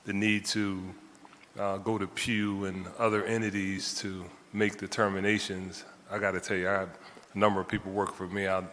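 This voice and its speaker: Deep, bright-toned man pressing a witness. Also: flat delivery, normal speed, slight background noise. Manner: pressing, interrupting, repeats his phrasing. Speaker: city council member questioning a witness. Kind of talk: pointed questioning at a hearing. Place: city council hearing chamber. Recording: reverberant council chamber.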